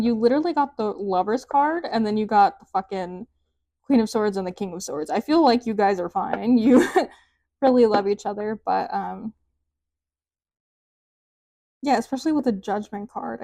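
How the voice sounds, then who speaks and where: A warm, mid-range voice at normal speed, recorded without echo, belongs to a woman giving a relaxed tarot reading. She's talkative and meandering, uses "like" frequently, and ends lines in a sing-song cadence.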